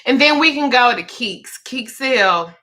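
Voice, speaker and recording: A woman's voice: on the high side, expressive, measured pace, sharp tone. A grandmother talking casually, blunt and profane, laughing as she tells stories. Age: older. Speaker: host. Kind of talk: casual chat.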